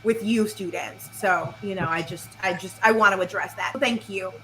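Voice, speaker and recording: A woman performing improv comedy, rambling with many fillers in one scene and turning bossy and loud in another. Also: mid-range voice, moderate pace, over music, poor audio. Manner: hesitant filler-heavy answers, then bossy and loud.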